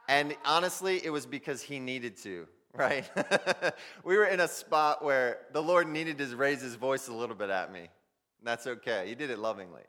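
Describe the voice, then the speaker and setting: A man preaching a sermon, swinging between loud emphasis and near-whispers as he speaks directly to his listeners. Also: medium pitch, brisk. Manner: addresses listeners directly as "guys". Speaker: pastor.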